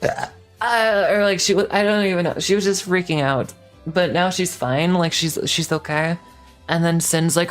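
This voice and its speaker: A woman's voice: on the low side, unhurried, soft background music. A young woman streaming casually, rambling and swearing in exasperation as she recaps a story.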